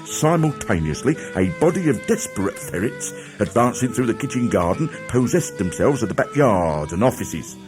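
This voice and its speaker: A man narrating a children's classic as an audiobook, dramatic and animated. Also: mid-range voice, moderate pace, few pauses, over music. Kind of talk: storybook narration.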